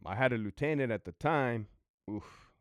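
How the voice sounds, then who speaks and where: A man's voice: mid-range voice, normal speed, no room sound, studio quality. A man who was a prison sergeant tells a story in a casual monologue, blunt and full of swearing. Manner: profane, blunt, conversational.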